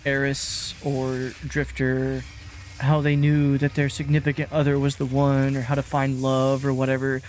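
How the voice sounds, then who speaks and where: A man's voice: medium pitch, slight background noise. A man streaming a game, chatting casually in a rambling, self-mocking way and swearing freely. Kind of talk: casual gaming commentary.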